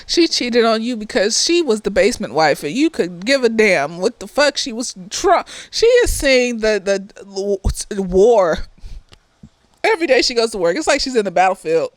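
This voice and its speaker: A woman's voice: on the high side, moderate pace, dry recording. Blunt, profane woman, slightly tipsy. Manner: animated, with mocking asides. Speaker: therapist reviewing a TV series. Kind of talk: casual tipsy review.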